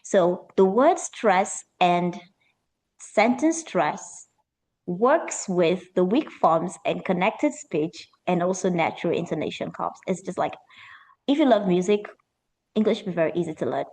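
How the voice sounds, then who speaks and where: A woman leads a pronunciation lesson as an accent coach. She speaks with lively energy and stretches key words out slowly to stress them. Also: on the low side. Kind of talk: teaching an online pronunciation lesson.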